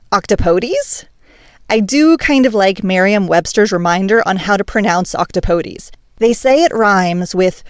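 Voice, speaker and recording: A woman's voice: medium pitch, smooth, no echo, studio quality. A woman hosting a language podcast, delivering a scripted monologue in a playful, emphatic, teacherly way. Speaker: podcast host.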